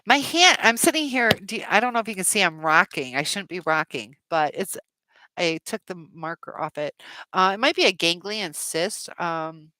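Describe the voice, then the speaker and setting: A woman's voice: lowish voice, expressive, moderate pace, sharp tone, dry recording. A middle-aged woman hosting a casual live chat, reading out viewer comments in a rambling, supportive way with many fillers.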